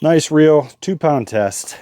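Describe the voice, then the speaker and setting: A man's voice: on the high side, animated, slow pace, noisy background. A man hosting a fishing vlog in casual, enthusiastic chat, a bit out of breath. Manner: enthusiastic, chatty. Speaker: fishing vlogger. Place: inside an ice fishing shelter.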